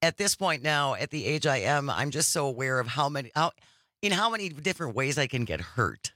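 A man's voice: mid-range voice, sing-song, brisk, pushed and bright, no echo, studio quality. A middle-aged man co-hosting a radio talk show, chatting casually, chuckling and telling stories. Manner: chuckling, storytelling.

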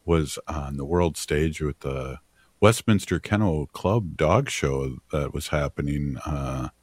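A man co-hosting a community radio show, talking casually and haltingly with many fillers. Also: rumbling low, breathy edge, no room sound, clean studio sound. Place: radio studio. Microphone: studio mic.

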